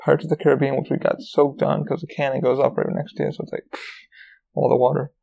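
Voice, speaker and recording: A man's voice: medium pitch, little pitch movement, fast talker, gravelly, dark tone, muffled recording, a little hiss or hum. A podcast host, a man telling a casual, rambling story with lots of swearing and fillers. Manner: rambling, profane, full of fillers.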